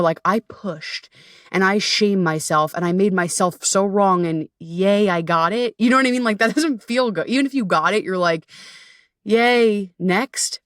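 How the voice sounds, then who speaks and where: A woman's voice: mid-range voice, no echo, clean studio sound. A woman in her thirties hosting a casual self-help podcast, bubbly and candid, swearing freely and playfully. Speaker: podcast host and coach.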